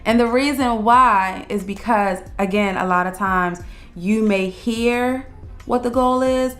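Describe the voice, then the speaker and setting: A woman's voice: a little high, fairly bright tone, faint music behind. Earnest woman giving couples advice. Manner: earnest, explains step by step, slows down on key words. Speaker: co-host of a couples channel. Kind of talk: casual relationship advice chat.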